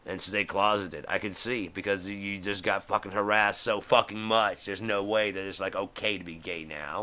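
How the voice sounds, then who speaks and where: A man's voice: on the low side, fairly even intonation, normal speed, few pauses, pushed and bright. A man, middle-aged, hosting a live stream and ranting in a heated, profane way, acting out the voices he quotes. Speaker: host.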